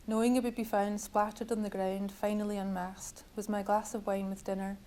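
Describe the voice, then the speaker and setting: A woman author reading from her own novel at a bookshop event, measured and wryly literary. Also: medium pitch, flat delivery, mellow, rough recording.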